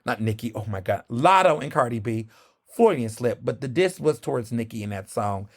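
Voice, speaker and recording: A man hosting a solo podcast in a casual, animated, gossipy way, full of sassy asides. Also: medium pitch, fairly quick. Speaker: podcast host.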